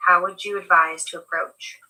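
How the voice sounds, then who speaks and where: A woman moderating a talk, reading a listener's question aloud in a flat, even manner. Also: lowish voice, normal speed, rough recording.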